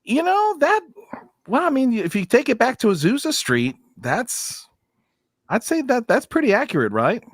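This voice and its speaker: A man's voice: very high voice, huge pitch swings, moderate pace, no echo. Jokey man, dry close sound. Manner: jokey, playful, trails off and restarts. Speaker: panelist on a Christian livestream. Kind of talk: casual chat.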